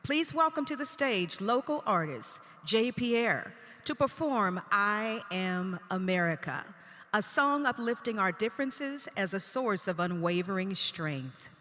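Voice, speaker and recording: A woman emcee reading scripted announcements on stage in a measured, formal way. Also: mid-range voice, expressive, bright, forceful tone. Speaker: event emcee. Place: event hall stage. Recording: reverberant hall.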